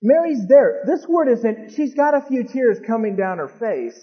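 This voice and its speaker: A pastor preaching a sermon, moving from calm scripture teaching to fervent, emphatic preaching. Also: male voice, extremely high pitch, normal speed, hardly any pauses. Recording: dull lo-fi recording with long hall reverb.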